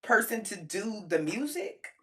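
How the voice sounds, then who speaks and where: An adult woman with a child reviews a film on camera, speaking casually and emphatically in slang, addressing her viewers directly and repeating points for effect. Her medium-pitched voice is sing-song and a bit bright, at a measured pace.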